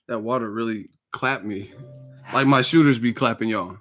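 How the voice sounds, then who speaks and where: A man hosting a boxing live stream, hyped and slangy, rattling off quick shout-outs in casual chat. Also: medium pitch, soft background music. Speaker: boxing channel host.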